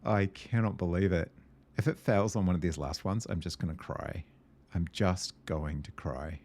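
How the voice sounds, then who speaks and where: A man hosting a gameplay video, thinking aloud and muttering to himself as he works through a puzzle game, hesitant and easily excited. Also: deep voice, moderate pace.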